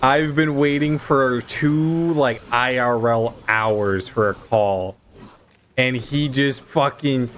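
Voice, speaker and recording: A young male streamer gives live commentary on a video game, swearing and ranting in an excitable, exasperated way. His talk runs slow and drawn out, with a faint hiss and game ambience behind him. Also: mid-range voice.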